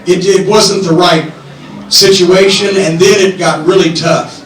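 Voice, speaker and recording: A middle-aged man hosting a live podcast from a comedy club stage, telling long, profane, animated anecdotes. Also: high-pitched, unhurried, slight background noise. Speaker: podcast host. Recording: echoey room from far off.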